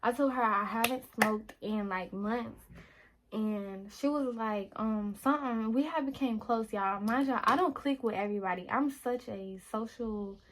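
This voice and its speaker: A young woman, casually telling a personal faith testimony to viewers, animated, often calling them y'all. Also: a little high, unhurried, background noise. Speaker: lifestyle vlogger. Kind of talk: casual storytelling while getting ready.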